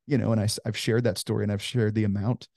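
A man's voice: on the low side, flat delivery, quick pace, creaky, a little mellow, dry recording, clean studio sound. A man in his forties, a ministry founder, telling stories earnestly in a conversational interview with many "you know" fillers.

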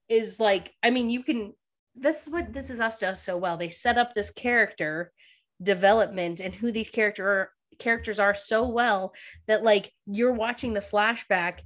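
A woman co-hosting a podcast, chatting casually about a TV episode and acting out lines with lots of laughter. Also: mid-range voice. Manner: animated, giggly, acts out quotes. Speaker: podcast co-host. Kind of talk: casual chat recapping a TV episode. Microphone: podcast microphone.

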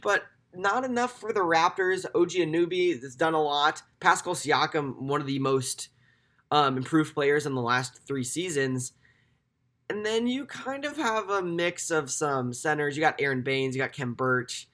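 Man, slightly high-pitched, casual sports commentator; chatty and loose, lots of ums, corrects himself as he goes. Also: a bit bright. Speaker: basketball draft analyst.

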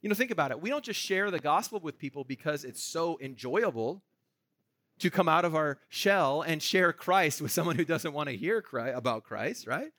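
High, bright-voiced pastor preaching. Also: male voice, lively intonation, normal speed, no echo. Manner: conversational, asks the room "right?". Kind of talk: sermon.

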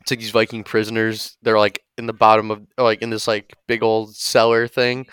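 Podcast co-host, casual, smooth voice, dry close mic, rambling storyteller; male. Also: on the low side, brisk, no echo. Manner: rambling, animated, swears a lot.

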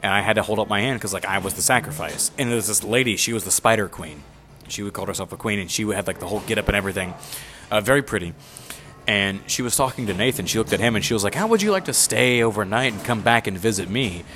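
A man's voice: on the low side, fast, pushed and bright, a little hiss or hum. A young man casually telling a rambling story, swearing freely and acting out the voices of the people he quotes.

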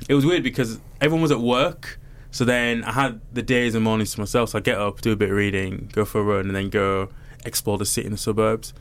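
A man casually telling his co-hosts about a trip, lively and animated as he recounts the people he met. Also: fairly low pitch, fast, few pauses. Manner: animated storyteller, acts out the people he quotes. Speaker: podcast co-host. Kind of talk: casual chat.

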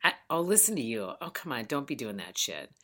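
A woman's voice: very deep voice, sing-song, a little fast, bright, forceful tone. A woman hosting a podcast over the phone, chatting casually, rambling and swearing freely. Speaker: podcast host. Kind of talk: casual chat. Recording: phone line.

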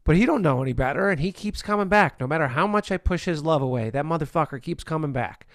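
A man's voice: on the high side, animated, fast talker, no echo, clean studio sound. A man hosting a candid conversation about recovery, blunt, profane and self-deprecating.

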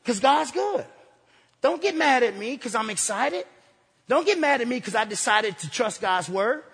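A man preaching an energetic sermon in a church, excitable and repetitive, calling out to his congregation. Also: very high voice, moderate pace, husky, in a large hall. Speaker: pastor. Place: church sanctuary.

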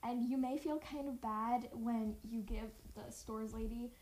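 Teen girl podcast host, high chirpy voice, rambly and giggly, slight hiss. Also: steady tone, unhurried, darkish tone, poor audio. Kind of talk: casual chat.

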